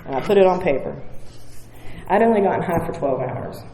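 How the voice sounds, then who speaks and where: At a recovery meeting, a West Virginia woman speaks on the low side, expressively and fairly quickly, recounting her story in a frank, profane, self-deprecating way. Background noise and a faint audience fill the roomy hall.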